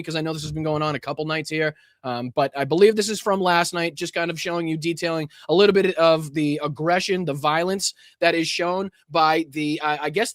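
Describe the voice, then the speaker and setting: A man's voice: a little high, a bit bright, no echo, studio quality. A man hosting a political livestream, ranting angrily with heavy swearing and many fillers and restarts. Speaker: political commentary host. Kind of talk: livestream commentary.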